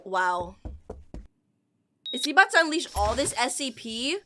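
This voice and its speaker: A woman giving excitable, chatty reaction commentary while watching an animation. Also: sits high, unhurried, a little hiss or hum. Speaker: reaction video host.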